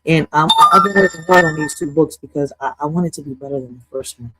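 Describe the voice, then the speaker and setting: A woman's voice: low voice, quick pace, loud music behind the voice, rough recording. A woman poet and streamer ranting casually on a live stream. She talks bluntly, swears freely and keeps breaking in with "listen" and "right?".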